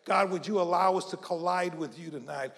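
A man from South Mississippi, preaching a sermon and leading the congregation in call-and-response, moving between hushed prayer and shouting. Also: high voice, brisk. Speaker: pastor. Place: church hall. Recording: long church-hall reverb.

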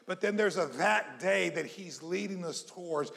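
A man from South Mississippi, preaching a sermon and leading the congregation in call-and-response, moving between hushed prayer and shouting. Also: high-pitched, normal speed, vocal fry. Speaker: pastor. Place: church hall. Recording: long church-hall reverb.

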